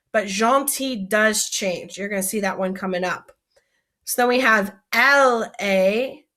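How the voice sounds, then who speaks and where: A woman's voice: medium pitch, sharp tone. A woman, a French teacher, giving a recorded vocabulary lesson and explaining each word patiently while asking her students questions.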